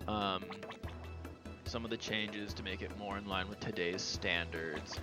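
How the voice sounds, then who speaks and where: A man's voice: low-pitched, steady tone, a little slow. Offhand man narrating gameplay. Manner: rambling and offhand, self-correcting. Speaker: let's play host. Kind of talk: casual gameplay commentary. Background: game music.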